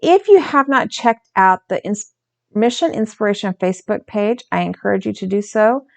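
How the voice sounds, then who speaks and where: A woman's voice: mid-range voice, expressive, normal speed, creaky. A woman hosting a craft channel, narrating her art journal process in a casual, chatty way, often correcting herself and stumbling over words.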